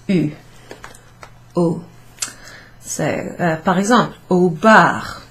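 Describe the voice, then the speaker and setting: A woman teaching a beginner class in a recorded lesson, speaking patiently and repeating each phrase for her learners. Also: fairly low pitch. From United Kingdom. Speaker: French teacher.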